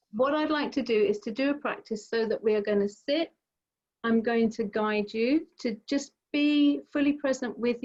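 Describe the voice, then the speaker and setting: A middle-aged woman gently guiding a mindfulness session over a video call, explaining with everyday examples. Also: on the high side. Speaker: mindfulness teacher. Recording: slightly dull video call audio.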